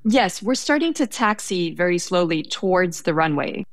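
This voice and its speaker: A woman's voice: fairly low pitch, sing-song, moderate pace, no echo. A young woman telling a story in conversation, hesitant and self-correcting, laughing now and then.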